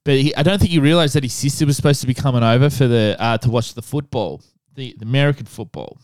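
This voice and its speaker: A man's voice: mid-range voice, fast talker, darkish tone, no room sound. A man hosting a podcast, telling a story in a crude, joking way. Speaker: podcast host. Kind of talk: casual comedic chat.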